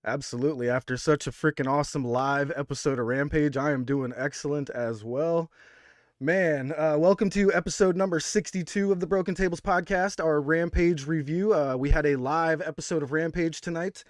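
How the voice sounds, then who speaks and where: A man's voice: on the high side, normal speed, dry recording, clean studio sound. A man hosting a wrestling review podcast, upbeat and hyped, with lots of fillers. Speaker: podcast host. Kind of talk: casual wrestling podcast chat.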